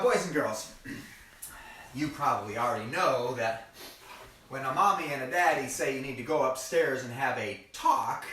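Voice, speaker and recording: A man's voice: a little high, sharp tone. A man telling a story to children in a playful, folksy way, talking to the kids directly as he goes. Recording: echoey room, mic far off.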